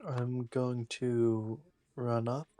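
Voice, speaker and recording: Flat, dark-voiced man playing a tabletop game. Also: medium pitch, very slow. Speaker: player. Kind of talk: casual tabletop play.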